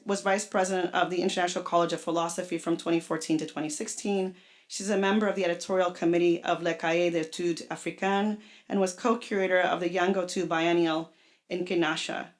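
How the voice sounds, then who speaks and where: A woman with a low voice opens an academic evening, introducing the speakers in a formal, measured way. Spanish is her first language, and she corrects her own small slips as she reads the bios. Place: lecture hall.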